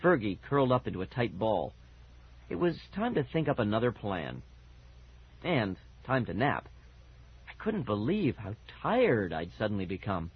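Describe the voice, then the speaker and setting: A man narrating a children's storybook with a lively, expressive reading. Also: fairly low pitch, moderate pace, breathy edge. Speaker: audiobook narrator. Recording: dull lo-fi recording.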